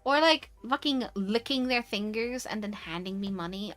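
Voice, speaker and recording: A British woman chatting casually on a stream, animated and quick to rant, swearing freely. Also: medium pitch. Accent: British English. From United Kingdom. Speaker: VTuber streamer. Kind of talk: casual chat.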